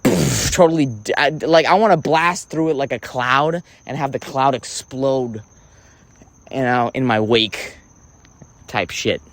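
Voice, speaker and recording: A man's voice: medium pitch, slow pace, a bit bright. A man delivering a rambling comic monologue, theatrical and profane, often breaking off and restarting. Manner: theatrical, profane, self-interrupting. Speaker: vlogger.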